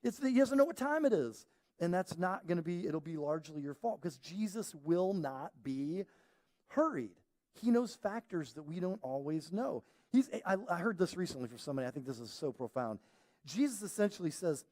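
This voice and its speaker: Guy pastor preaching in church, high voice, swings all over the place, acts out little voices. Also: normal speed. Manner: animated, conversational, acts out quoted voices. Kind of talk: sermon. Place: church auditorium.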